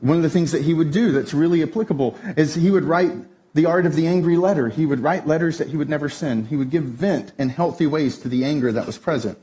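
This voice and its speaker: A man preaching a sermon, telling a family story with lively shifts up into a tense, excited delivery. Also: fast. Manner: animated storytelling, voice jumps high when telling the tense part. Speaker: pastor. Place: church stage.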